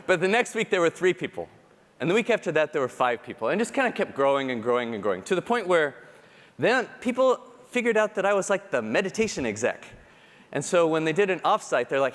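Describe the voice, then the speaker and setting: Man, keynote speaker, lively swinging pitch, self-deprecating storytelling, long hall reverb. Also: a little fast. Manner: animated, self-deprecating, acts out quoted colleagues. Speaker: conference speaker.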